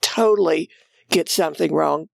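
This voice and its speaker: A woman guest with a low, gravelly voice talks about a book she loves. She speaks thoughtfully, with frequent pauses and fillers, in a dry-sounding space. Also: a little mellow, dry recording. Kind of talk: casual book chat.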